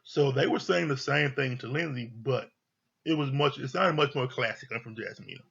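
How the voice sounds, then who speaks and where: A man casually recapping and reviewing a reality TV episode, blunt and animated, swearing freely as he retells the scenes. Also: medium pitch, moderate pace, gravelly, breathy edge, lo-fi sound. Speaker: TV show reviewer.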